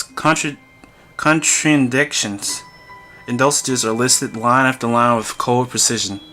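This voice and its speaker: A man's voice: mid-range voice, sharp tone. A man reading a visual novel aloud for a gaming video, breaking off for jokey asides and chuckles. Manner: jokey asides, chuckles between read lines.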